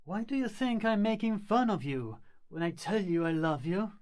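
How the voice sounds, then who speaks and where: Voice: medium pitch, moderate pace, darkish tone, natural voice. An actor playing Lysander, a fickle young nobleman who speaks bluntly and scornfully, in an amateur stage-play reading. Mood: earnest.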